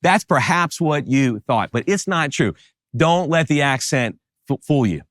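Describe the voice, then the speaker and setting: A middle-aged pastor from the New Orleans area with a Southern American accent, giving an animated sermon with emphatic rises. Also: male voice, a little high, unhurried, no room sound, studio quality.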